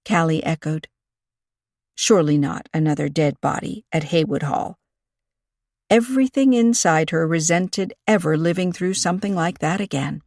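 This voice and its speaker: A woman narrates a cozy mystery audiobook at an even, measured pace. Her voice sits a little low, and the recording is dry and close. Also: no echo. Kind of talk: scripted narration.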